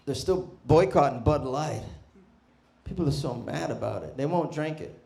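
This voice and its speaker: Man, stand-up comic, high-pitched, brash, profane, loud bursts, stage mic. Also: animated, normal speed, vocal fry. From Boston. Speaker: stand-up comedian. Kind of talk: stand-up set. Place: comedy club stage.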